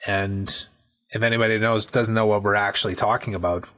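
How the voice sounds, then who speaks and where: A man hosting a podcast, telling stories in a lively, casual way. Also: lowish voice, brisk. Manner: animated storyteller, peppers talk with "right?" and "man". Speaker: podcast host.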